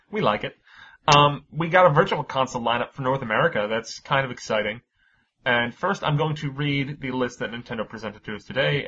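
A man's voice: mid-range voice, fairly bright tone, muffled recording, slight background noise. A man hosting a casual gaming podcast, chatty and laughing often, swearing casually as he runs through news. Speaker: podcast host.

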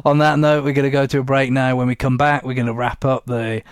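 A man's voice: medium pitch, flat delivery, fast, clean tone, no room sound. Man hosting a podcast with a dry, close sound. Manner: laughs often, talks with restarts. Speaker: podcast host. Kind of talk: casual podcast chat.

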